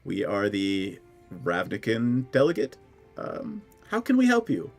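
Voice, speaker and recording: A man's voice: lowish voice, huge pitch swings, a little slow, creaky, faint music behind, voice pushed down, full character voice. A man voicing a polite male firbolg delegate in a tabletop game, speaking formally and courteously.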